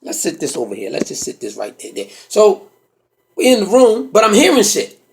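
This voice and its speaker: With a high voice at normal speed and a little hiss or hum on the recording, a male comedian performs a crude, energetic stage story. He voices the people involved as he goes.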